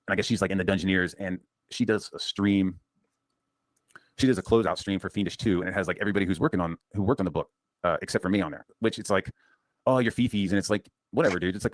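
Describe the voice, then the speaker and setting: A man's voice: sits low, no room sound. A man telling a long profane story in a rambling casual rant, full of restarts and fillers. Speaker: comics channel host.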